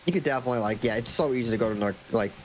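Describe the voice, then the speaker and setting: A man's voice: medium pitch, very fast, slight background noise. A young man from Florida chatting casually on a live stream into a desk mic, rambling and joking with occasional swearing. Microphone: desk microphone.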